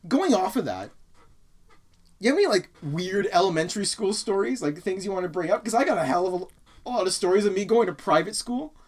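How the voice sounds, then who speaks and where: A man's voice: sits high, animated, fairly quick. A man hosting a casual podcast, joking around, swearing freely and reading out listener comments. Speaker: podcast host.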